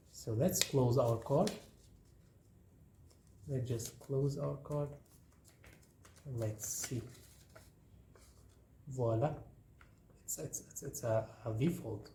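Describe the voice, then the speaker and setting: A man walks through a paper craft step by step in an unhurried, repetitive way. His voice is mellow, and his speech is slow. The room sounds echoey, with a faint hiss underneath. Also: mid-range voice. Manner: relaxed, repetitive, talking while folding paper. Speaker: craft tutorial host. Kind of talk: hands-on craft demonstration. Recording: roomy echo, faint noise.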